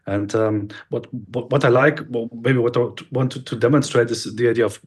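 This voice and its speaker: A man's voice: medium pitch, fairly even intonation, brisk, slightly rough. A man in a podcast discussion who speaks in a hesitant, thoughtful way, with many restarts. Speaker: podcast guest. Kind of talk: casual discussion.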